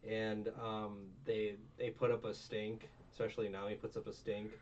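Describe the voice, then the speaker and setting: A man with a fairly low voice recaps an anime arc in loose, profane chat, getting louder when he gets worked up. He sits a bit back from a dull, lo-fi mic. Faint room noise hums underneath. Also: moderate pace, recorded from a distance. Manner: rambling, profane, animated with put-on character voices. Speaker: anime reviewer host.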